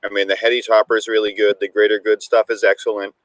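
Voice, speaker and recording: A man's voice: on the low side, flat delivery, fast talker, no echo. A man co-hosting a casual chat, mixing a drink and talking in an easygoing way with hesitant fillers. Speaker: cocktail-making co-host.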